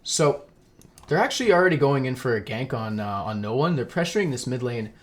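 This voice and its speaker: A man's voice: mid-range voice, lively intonation, a little fast. A young man giving casual, rambling solo commentary on a match, eating while he talks and laughing at himself. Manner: rambling, self-deprecating, laughs often. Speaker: esports caster.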